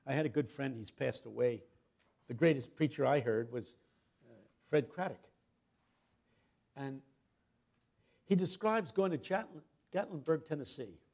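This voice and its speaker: An older man giving a sermon as a guest preacher, telling a story dramatically, dropping to a hush and then rising loud as he acts out the people in it. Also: mid-range voice, a little slow, creaky, long pauses. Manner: dramatic storyteller, swings from hushed to loud, acts out quoted voices.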